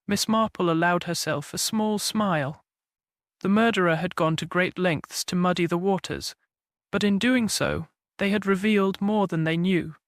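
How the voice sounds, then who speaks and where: A man narrating a cozy detective story in an even, measured storytelling manner. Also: high voice, dry recording, clean studio sound. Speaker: audiobook narrator. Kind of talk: scripted mystery narration.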